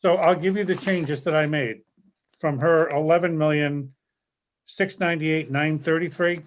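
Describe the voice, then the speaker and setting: A man with a slightly high voice reporting budget numbers to a town council. He talks in a measured, unhurried way and pauses often to find the next figure. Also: fairly even intonation, a little hiss or hum. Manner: measured, reads out numbers with hesitations. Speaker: town administrator.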